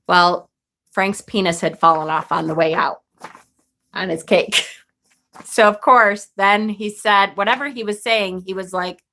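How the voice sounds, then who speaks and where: Chatty bright-voiced woman in her forties. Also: mid-range voice, unhurried, long pauses. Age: 40s. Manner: chatty, rambling, laughs often. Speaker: witchcraft vlogger. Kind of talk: casual storytelling chat.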